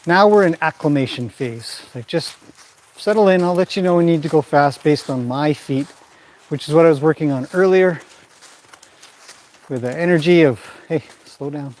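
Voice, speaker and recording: A man training a horse in a pen, calmly explaining what he does while softly praising and directing the animal. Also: a little high, a little hiss or hum. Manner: calm running commentary mixed with soft praise to the horse.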